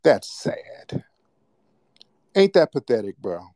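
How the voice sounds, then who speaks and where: A man's voice: mid-range voice, sing-song, slow, a little mellow, no echo, clean studio sound. An American man hosting a call-in radio show, arguing heatedly and mocking the caller with insistent repetition. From United States. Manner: mocking, insistent, repeats himself.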